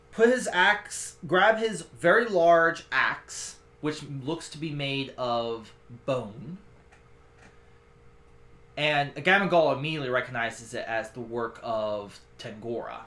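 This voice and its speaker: A man running a tabletop game, narrating scenes slowly and descriptively. His voice is bright and forceful and sits a little high for a man. The room around him is echoey. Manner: descriptive storytelling. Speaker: game master.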